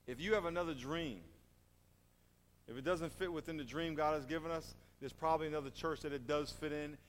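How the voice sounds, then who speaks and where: A man preaching a sermon in an animated, emphatic way, asking his congregation rhetorical questions. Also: on the high side, slight background noise. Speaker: pastor. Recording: reverberant hall.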